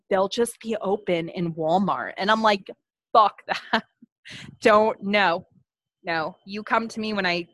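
A woman's voice: mid-range voice, fairly bright tone, dry recording. Candid, laughing woman co-host, dry sound. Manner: candid, laughs often, swears freely. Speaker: podcast co-host, psychic medium teacher. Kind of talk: casual chat.

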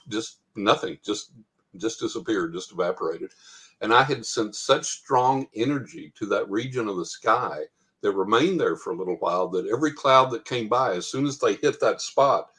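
A man's voice: fairly low pitch, a bit bright, breathy edge. A man chatting casually about spiritual matters, telling stories and laughing often.

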